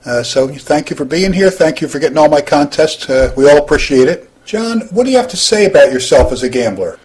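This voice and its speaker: Guy hosting a class reunion roast, husky voice, kinda high, lots of uhs. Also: animated, a little fast, darkish tone. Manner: hesitant, many uh fillers. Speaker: interviewer and roast host. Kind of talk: scripted roast interview.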